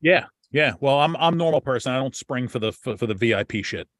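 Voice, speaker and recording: A man's voice: medium pitch, lively intonation, fairly quick, dry recording, clean studio sound. A man hosting a podcast in casual chat, rambling with lots of restarts and cursing freely. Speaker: podcast host.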